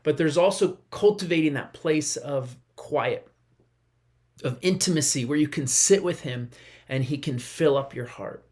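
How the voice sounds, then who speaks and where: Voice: mid-range voice, measured pace, a little mellow. A pastor and parent giving a short devotional message in an earnest, conversational way, sometimes acting out quotes in a raised voice. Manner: parent sharing a family example.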